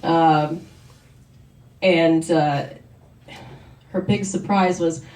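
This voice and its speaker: Storyteller: woman, lowish voice, candid wry delivery, roomy distant live recording. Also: a little mellow. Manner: candid, conversational, with wry asides. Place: story night venue.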